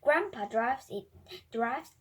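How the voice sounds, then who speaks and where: A woman's voice: fairly high pitch, animated, slow pace, breathy edge. A woman whose first language is Korean reading a children's storybook aloud carefully, correcting small slips as she goes. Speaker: reader.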